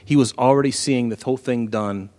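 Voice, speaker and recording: A man preaching a sermon who works through Bible verses with animated, emphatic storytelling, heard in an echoey hall. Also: medium pitch, brisk.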